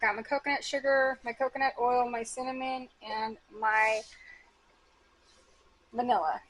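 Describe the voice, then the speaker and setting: Chatty mom doing a cooking vlog, high bright voice, rambles and fixes herself mid-sentence. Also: female voice, little pitch movement, measured pace, a little hiss or hum. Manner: bubbly, rambling storyteller with self-corrections. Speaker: home cooking vlogger.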